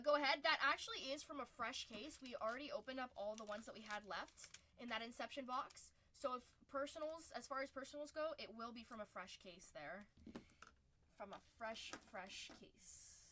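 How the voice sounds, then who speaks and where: A woman's voice: high-pitched, sharp tone, slight background noise. A young woman hosting a card-breaking livestream, chatting casually and upbeat with viewers and laughing often. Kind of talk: casual livestream chat while opening cards.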